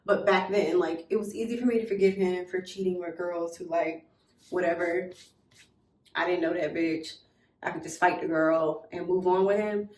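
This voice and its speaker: A young woman telling a personal story in a casual, animated way, blunt and swearing freely. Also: on the low side, normal speed, recorded from a distance. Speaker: storytime vlogger. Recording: roomy echo, a little off mic.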